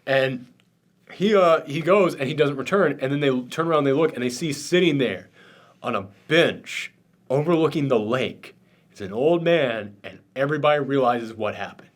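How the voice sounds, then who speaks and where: A man's voice: medium pitch, animated, moderate pace. A man hosting a spoiler discussion, emotional and choked up, gushing and swearing freely as he talks. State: tearful, choked up. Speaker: host.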